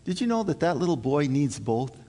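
A man's voice: on the high side, sing-song, a little fast, dark tone. A male pastor preaching a sermon to his congregation in an earnest, emphatic way, repeating his key points. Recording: long hall reverb.

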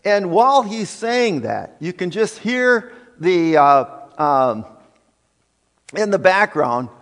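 Slow, deliberate preacher in an echoing hall. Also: male voice, high voice, sing-song, a bit bright. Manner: emphatic, deliberate, with frequent fillers. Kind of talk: sermon. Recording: long reverb of a hall.

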